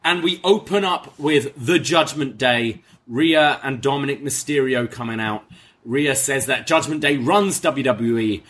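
A man's voice: mid-range voice, measured pace. Man recapping a wrestling show. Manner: recaps quotes in a lively retelling, with fillers. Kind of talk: casual podcast recap.

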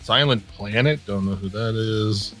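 A man with a fairly low voice talks in loose, profane podcast banter, blunt and sure of his opinions. Faint music plays quietly underneath. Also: unhurried. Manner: blunt, opinionated, swears a lot. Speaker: podcast co-host. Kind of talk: casual profane chat.

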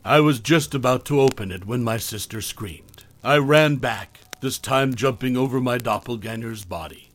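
A man narrating a first-person horror story in a measured, tense storytelling manner. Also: mid-range voice, a bit bright.

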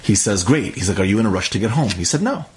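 A man's voice: lowish voice, very animated, racing. A man telling a story in a casual, conversational way, acting out what each character says. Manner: conversational, acts out the characters' dialogue.

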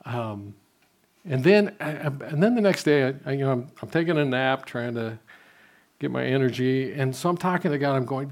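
An older man giving a conversational sermon, telling personal stories and dropping his voice softly when quoting his prayers. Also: medium pitch, expressive, moderate pace. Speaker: pastor.

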